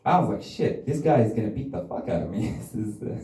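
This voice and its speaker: A man's voice: on the low side, very animated, fast talker, mellow. A man doing a crude, rambling stand-up comedy set and laughing at his own jokes. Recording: roomy, from a distance.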